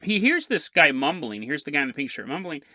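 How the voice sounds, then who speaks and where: Male podcast host, animated joking storyteller; bright, forward tone. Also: a little high, fast, no room sound, studio quality. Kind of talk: casual storytelling narration.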